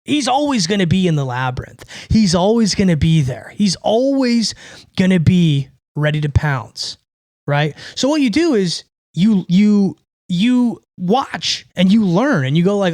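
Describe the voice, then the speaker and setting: A man hosting a podcast in a rambling, animated monologue, swearing now and then and asking "right?" over and over. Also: high-pitched, normal speed, no room sound, clean studio sound. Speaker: podcast host. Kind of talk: casual monologue.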